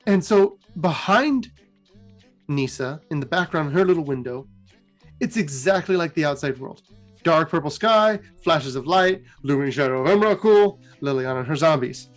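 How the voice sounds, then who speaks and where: Male host, high voice, animated casual lore retelling. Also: moderate pace, soft background music. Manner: animated storytelling.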